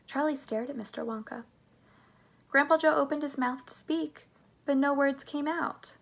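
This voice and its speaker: A woman narrating a children's book aloud in an expressive, animated way. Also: sits high, moderate pace, gravelly. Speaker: reader. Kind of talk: storybook narration.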